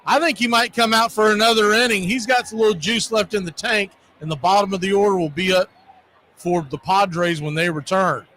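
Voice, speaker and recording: A man with a high, bright voice calls baseball play-by-play like an old radio broadcast. He gets excitable and shouts the big plays with playful catchphrases, over a faint hum of noise behind him. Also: a little fast. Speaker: play-by-play announcer.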